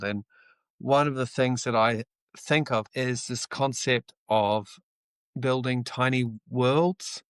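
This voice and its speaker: A man's voice: medium pitch, fairly bright tone, smooth, no echo. A middle-aged man from New Zealand with a New Zealand accent, giving an earnest, reflective motivational talk on a live stream, with the odd casual swear. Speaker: livestream host.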